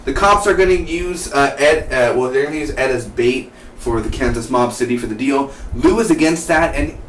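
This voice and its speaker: Excitable man reviewing a TV show. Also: medium pitch, normal speed, far from the mic. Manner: excitable, rambling, many restarts. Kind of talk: casual enthusiastic review. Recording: echoey room, off-mic, faint hiss.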